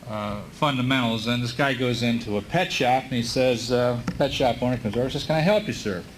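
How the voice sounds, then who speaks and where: A man giving a high school commencement speech at a podium microphone, telling stories folksily with frequent filler pauses. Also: fairly even intonation, a little hiss or hum, rough recording. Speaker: commencement speaker. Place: high school graduation ceremony.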